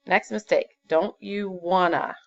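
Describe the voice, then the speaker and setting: A woman teaches a fifth-grade grammar lesson, patiently explaining step by step with fillers. Her voice is on the low side, gravelly and steady in tone, and she speaks unhurriedly. The classroom lesson was captured on a dull lo-fi computer recording.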